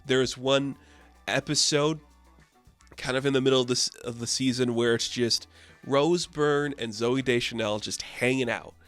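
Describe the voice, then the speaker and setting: A man's voice: medium pitch, steady tone, measured pace, fairly bright tone, faint music behind. A man giving a casual spoken review of a TV season, chatty and earnest with lots of fillers.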